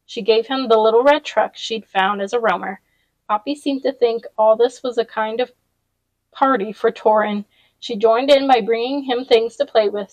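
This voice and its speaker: A woman reading a novel aloud in a relaxed read-along style, with small restarts as she goes. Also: fairly high pitch, no room sound, poor audio.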